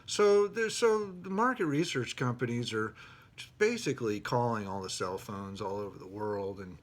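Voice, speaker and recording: A middle-aged man telling a personal story, indignant and animated, with outraged quoted exclamations. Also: mid-range voice, moderate pace.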